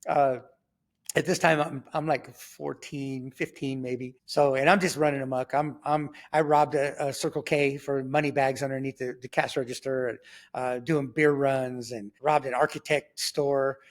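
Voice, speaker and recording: Man telling a rough life story. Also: mid-range voice, moderate pace. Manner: animated storyteller acting out dialogue, many fillers and restarts. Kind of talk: personal testimony storytelling.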